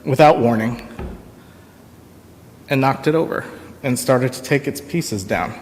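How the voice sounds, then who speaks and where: A man giving a sermon as minister, in a slow, reflective, pausing storytelling manner. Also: mid-range voice, a little hiss or hum. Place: church sanctuary. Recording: long reverb of a church sanctuary.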